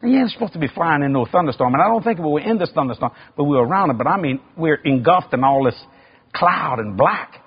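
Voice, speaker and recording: A preacher man tells his story in a high, lively voice that leaps around in pitch and rises to shouts. His tone is husky. The recording sounds dull and muffled. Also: quick pace. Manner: animated, acts out sounds and voices, builds to shouting. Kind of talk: sermon storytelling.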